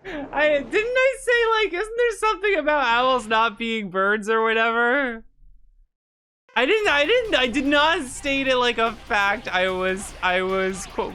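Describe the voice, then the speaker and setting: Bright-voiced, giggly woman streamer. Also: fairly high pitch. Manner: giggly, flustered, swears freely. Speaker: game streamer. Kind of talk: casual gameplay chat. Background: faint game music.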